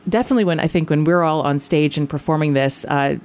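Female host, slightly low, thoughtful, halting delivery. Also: darkish tone. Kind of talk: casual interview chat.

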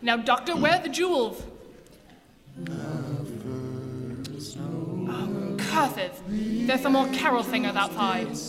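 A lisping jewel thief boss. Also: male voice, very high voice, lively intonation, slow pace, pauses often, loud music behind the voice, full character voice. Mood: menacing. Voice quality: lisp. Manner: threatening, clipped orders. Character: menacing male jewel thief gang leader. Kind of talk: 1940s radio acting. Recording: reverberant old radio broadcast.

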